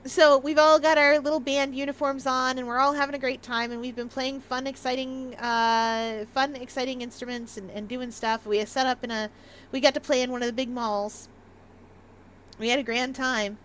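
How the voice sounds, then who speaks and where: High-voiced Canadian woman streamer, rambling and jokey. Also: flat delivery, fairly bright tone, slight background noise. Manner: rambling, jokey, quick asides. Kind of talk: casual game-stream chat.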